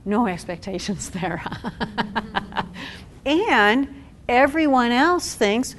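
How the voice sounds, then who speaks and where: A woman social worker giving a talk to a support group, animated and acting out quotes with laughs. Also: fairly high pitch, slow, long pauses.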